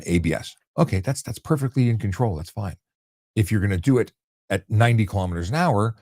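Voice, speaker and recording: Low-voiced blunt man answering questions. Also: a little mellow, no room sound, clean studio sound. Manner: blunt, conversational, lots of restarts and fillers. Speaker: host answering viewer questions. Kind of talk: casual live-stream Q&A.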